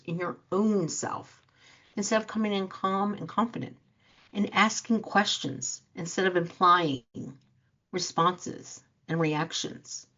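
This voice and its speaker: A woman's voice: fairly low pitch, a bit bright. A woman life coach giving an earnest motivational talk to listeners, acting out quoted reactions as she speaks. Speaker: life coach and show host. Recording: dull lo-fi sound.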